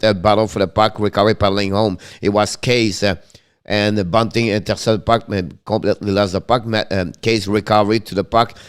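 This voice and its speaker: A man with a French accent doing live-stream hockey play-by-play, rattling off each pass and player in quick, broken English. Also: on the low side, clean tone. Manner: rapid running commentary in broken English, names each pass. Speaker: play-by-play commentator and stream host.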